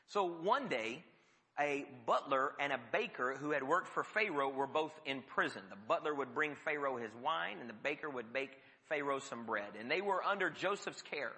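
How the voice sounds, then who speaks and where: A male preacher with a fairly high, very bright, cutting voice that carries through a reverberant hall. He preaches in a storytelling way and drops to hushed tones for emphasis. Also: lively intonation, normal speed. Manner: storytelling with sudden drops to a near whisper. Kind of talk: sermon.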